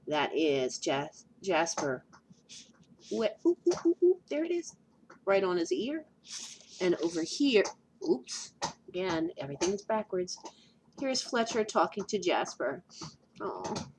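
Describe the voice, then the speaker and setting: A woman reading her picture book aloud to a child at home, pausing for chatty asides about the pictures and her pets. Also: on the low side, very animated, a little hiss or hum.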